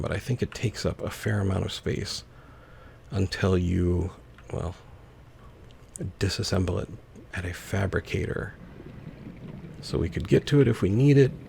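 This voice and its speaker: A man's voice: deep voice, vocal fry, a little mellow, slight background noise. A man casually commenting on his own gameplay, musing aloud to himself as he plays. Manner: musing, talks to himself while playing. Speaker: let's play host.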